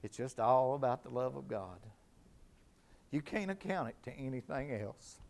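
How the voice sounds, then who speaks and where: A man's voice: mid-range voice, expressive, normal speed, gravelly, darkish tone. A middle-aged man preaching a sermon in a fervent, emphatic way, repeating his key lines.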